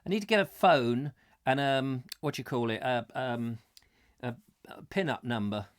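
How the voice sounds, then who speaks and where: A man's voice: mid-range voice, normal speed. A middle-aged man hosting a live chat show, chatty and theatrical with rambling asides while he reads out viewer comments. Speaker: host.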